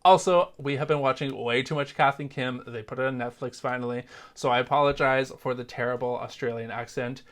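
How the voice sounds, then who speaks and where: A man's voice: mid-range voice, steady tone, a little fast, hardly any pauses, fairly bright tone. Chatty man vlogging about crafts. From Canada. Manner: chatty, self-deprecating, jokey asides. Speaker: crochet vlogger. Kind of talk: casual vlog chat.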